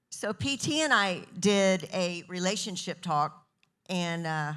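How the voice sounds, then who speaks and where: A woman's voice: slow pace, smooth. A middle-aged woman giving a casual women's ministry talk, telling stories and acting out other people's voices. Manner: animated, acts out quoted voices with big pitch jumps. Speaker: pastor's wife leading a women's talk. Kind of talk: casual sermon storytelling.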